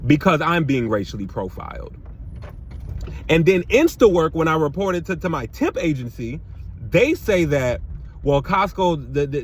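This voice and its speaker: A man's voice: fairly high pitch, a little hiss or hum. A man telling an angry storytime rant about being treated unfairly at work, emphatic and swearing, stumbling over repeated words as he gets heated. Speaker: temp worker telling a story.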